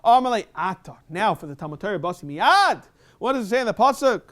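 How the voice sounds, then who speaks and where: A man giving a fast Talmud class in a synagogue, reading Hebrew and Aramaic quotes and explaining them in English. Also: high-pitched, animated. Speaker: rabbi teaching Talmud. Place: synagogue study hall.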